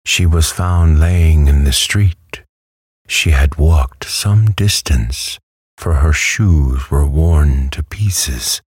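A man's voice: rumbling low, breathy edge, dry recording, clean studio sound, exaggerated voice. A man voicing an old workhouse nurse woman. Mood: matter-of-fact. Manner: hushed, slow bedtime reading.

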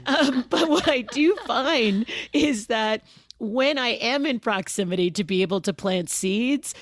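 A woman interview guest talking in a conversational way, expressive and laughing as she speaks, acting out the words of others. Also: fairly high pitch, unhurried, dry recording. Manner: expressive, laughs as she talks, acts out quotes.

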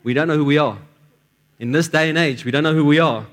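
A man's voice: on the high side, fast. A man preaching a sermon in a church, telling stories and often repeating words as he restarts his sentences.

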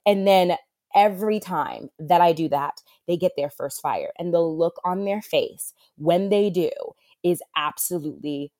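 A woman's voice: fairly low pitch, a little slow, darkish tone, no room sound, studio quality. A woman therapist talking in an interview, earnest and heartfelt, with lots of fillers. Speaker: wilderness therapist for adolescent boys. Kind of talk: conversational interview.

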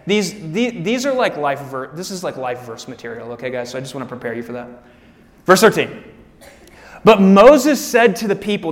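Guy preaching to his church, pretty high voice, long echo from the hall, talks right to the people. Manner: casual, animated preaching with direct asides to the congregation. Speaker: pastor. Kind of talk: sermon.

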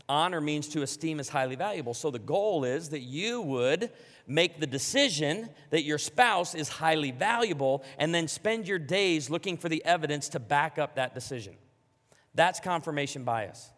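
A man preaching a sermon to a congregation, animated and emphatic, joking along the way. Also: fairly high pitch, big-room sound. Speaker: pastor.

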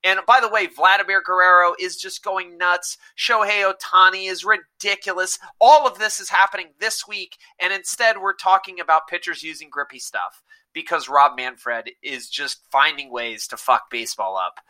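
A man's voice: high voice, moderate pace, pushed and bright. A man hosting a sports podcast, blunt and sarcastic with casual swearing. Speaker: podcast host.

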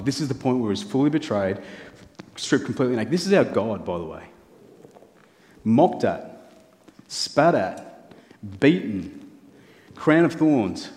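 Preacher in a reverberant hall. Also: male voice, on the low side, a little mellow. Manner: earnest, building through rhetorical lists and questions. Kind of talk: sermon. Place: church hall. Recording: long reverb of a large hall.

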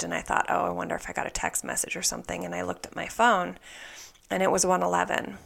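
A woman telling a personal spiritual story in an earnest, soft way, often dropping into a whisper. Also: on the low side, vocal fry. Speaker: spiritual vlogger.

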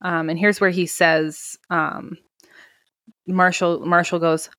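A woman on a podcast walks through a film scene by scene, voicing the characters herself and swearing freely. Her voice sits fairly low, and the recording is dry and close with no room sound. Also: slow pace, no echo. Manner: animated retelling, swearing, acting out characters' lines. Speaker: podcast co-host. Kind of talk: casual movie recap chat.

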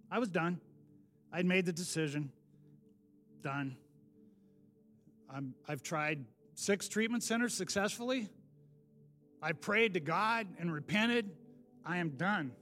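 A man's voice: a little high, fairly bright tone. Earnest man giving a testimony. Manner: candid, earnest storytelling with sudden emphatic bursts. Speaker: speaker giving a personal testimony. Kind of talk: spoken testimony message.

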